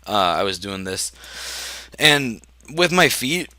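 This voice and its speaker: A man's voice: on the low side, very animated, slow, pushed and bright, no echo. Rambling teen boy telling stories. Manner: rambling, laughing, many ums and restarts. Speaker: gaming video host. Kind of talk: casual storytelling while playing.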